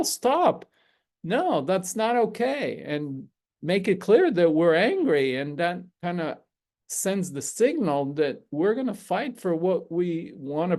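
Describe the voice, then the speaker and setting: A middle-aged man hosting a spiritual gathering, giving a calm, measured teaching talk to a group with frequent pauses and fillers. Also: sits high.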